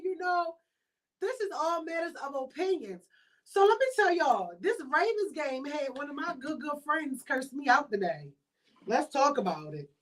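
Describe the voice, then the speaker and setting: A woman with a Baltimore accent hosting a podcast in casual chat, telling stories in a chatty, animated way with quoted asides. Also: high-pitched. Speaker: podcast host.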